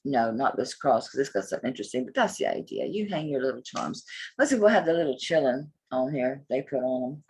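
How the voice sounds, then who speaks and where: A woman's voice: extremely low pitch, sing-song, fairly quick, vocal fry, a little mellow, a little hiss or hum. A middle-aged woman chatting casually and bluntly while selling jewelry online, swearing freely as she talks. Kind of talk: casual live sales chat.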